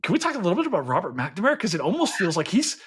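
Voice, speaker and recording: A man's voice: sits high, huge pitch swings, rapid-fire, a bit bright, slightly rough. Chatty Southern-born man hosting a podcast. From American South. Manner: chatty, enthusiastic, many fillers and restarts. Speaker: podcast host. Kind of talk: casual film and history chat.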